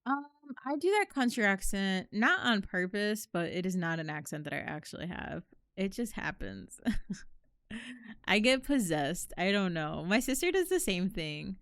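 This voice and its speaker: A woman's voice: mid-range voice, sing-song, normal speed, fairly bright tone, no room sound, studio quality. A young woman chatting casually and rambling while she plays and comments on a horror game. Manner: chatty, rambling, self-deprecating. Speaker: streamer.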